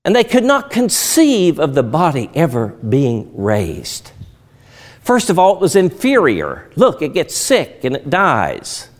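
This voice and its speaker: A man's voice: on the high side, wildly swooping pitch, slow. A middle-aged man preaching a sermon in a teaching tone, posing rhetorical questions and answering them.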